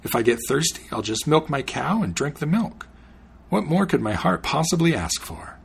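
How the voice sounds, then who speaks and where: A man's voice: on the high side, very animated, normal speed, vocal fry, slightly rough, voice pushed up, heavily acted. A man reading the part of a naive, cheerful young traveler in a storybook tale, speaking eagerly.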